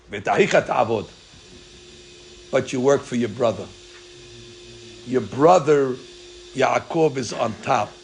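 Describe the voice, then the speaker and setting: A rabbi teaching a Torah class in a high, gravelly voice. He is animated and joking, and breaks into little acted-out exchanges as he explains the text. He sounds lively and engaged throughout. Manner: animated, joking, acting out dialogue.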